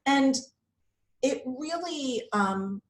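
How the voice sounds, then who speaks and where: A woman in her fifties, candid and chatty, speaks as a guest yoga instructor in a relaxed interview, filling her talk with casual asides and plenty of "like" and "you know." Her high voice moves extremely slowly over music, and the recording has a noticeable roomy echo.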